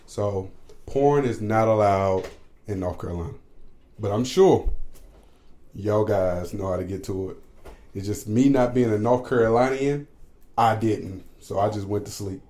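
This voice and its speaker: A man's voice: fairly low pitch, a little slow, pauses often, dark tone. A man co-hosting a casual podcast with his wife, joking and teasing in loose everyday talk. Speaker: podcast co-host. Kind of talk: casual chat.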